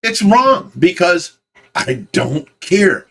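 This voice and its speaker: A man's voice: high-pitched, big pitch swings, slow. A man hosting a casual livestream about rescued fish, talking emphatically and repeating his points to the chat. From United States. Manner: emphatic, insistent, repeats himself.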